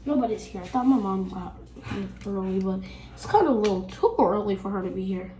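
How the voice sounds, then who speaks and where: A woman's voice: medium pitch, animated, a little fast, dark tone, slight background noise. A young girl vlogging at home, telling a casual storytime and acting out the people she quotes. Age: child. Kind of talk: storytime while getting ready.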